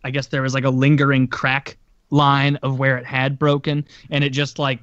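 A man's voice: mid-range voice, monotone, moderate pace, fairly bright tone, no room sound, muffled recording. A man telling stories in casual chat, rambling with lots of filler words and the odd swear.

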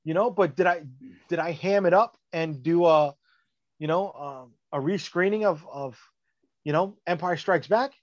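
A man's voice: fairly high pitch, normal speed, dry recording, lo-fi sound. A man in casual chat, blunt and profane, dismissive in his opinions.

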